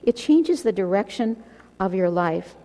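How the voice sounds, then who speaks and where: A woman's voice: medium pitch, animated, measured pace. Earnest woman teaching in a reverberant church. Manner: earnest, gently exhorting, addresses listeners directly. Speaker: women's Bible study teacher. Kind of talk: devotional Bible teaching. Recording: long hall reverb.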